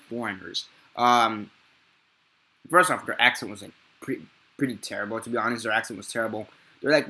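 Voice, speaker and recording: Bright-voiced man rambling through a film review. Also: mid-range voice. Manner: rambling and profane, with frequent self-corrections. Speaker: movie reviewer. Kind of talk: casual unscripted film review.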